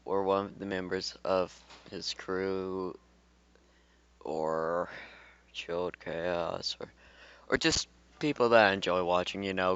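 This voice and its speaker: A man's voice: low voice, clean tone, no echo. A man reading fan fiction aloud in a casual way, breaking off into rambling, swearing asides. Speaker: fan fiction reader and YouTuber. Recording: dull, dry home recording.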